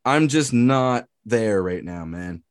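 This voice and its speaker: Ranting podcast host, dry close sound. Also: male voice, medium pitch, expressive, takes it slowly, smooth, dry recording. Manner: heated ranting, swearing, repeating himself. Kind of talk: casual sports podcast chat.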